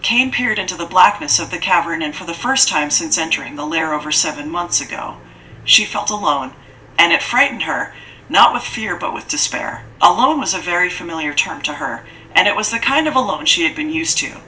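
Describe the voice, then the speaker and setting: A woman narrating a fantasy audiobook in a steady, measured way. Her voice sits somewhat low but comes across bright and forceful, and there is a faint hiss of noise behind her. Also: poor audio.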